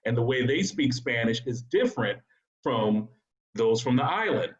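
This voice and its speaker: A man's voice: medium pitch, lively intonation, moderate pace, dull audio. A man on a discussion panel, telling family stories in a loose way, with many restarts and laughs. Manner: storytelling, frequent restarts and laughs. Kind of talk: casual discussion.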